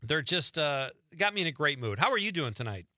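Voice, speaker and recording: A man's voice: a little high, very animated, pushed and bright, no room sound, studio quality. Upbeat, chatty radio host man. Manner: upbeat, chatty, quick to laugh. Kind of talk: casual radio chat.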